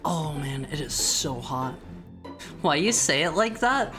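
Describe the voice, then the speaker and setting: A man streaming as a VTuber, chatting playfully with his viewers and teasing them. He keeps tripping into restarts, and his pitch swings up and down. Faint music plays softly behind him. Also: lively intonation, a little slow. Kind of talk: casual live-stream chat.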